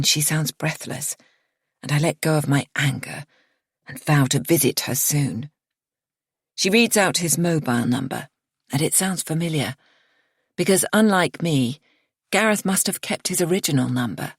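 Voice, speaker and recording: A woman narrating a first-person thriller audiobook in a measured, expressive storytelling manner. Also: low voice, breathy edge, dry recording, studio quality.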